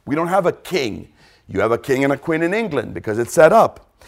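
A man preaching a sermon, emphatic, repeating key phrases and dropping to a quiet stress on points. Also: mid-range voice, big pitch swings, brisk.

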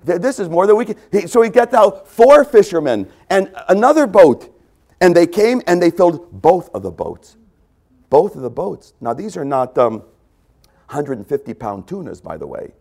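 A man preaching a sermon, emphatic and repeating key phrases, often clearing his throat. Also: sits high, very animated, moderate pace, dark tone.

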